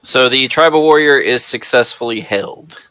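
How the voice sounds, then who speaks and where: A woman running a tabletop game as game master, narrating in a relaxed, casual way. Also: rumbling low, moderate pace, smooth, no echo.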